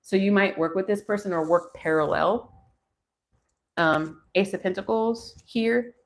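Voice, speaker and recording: A woman's voice: medium pitch, measured pace. A woman in her forties doing a live tarot reading, musing aloud as she turns the cards and talks to viewers. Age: 40s. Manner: musing, thinking aloud between card pulls. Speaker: tarot reader.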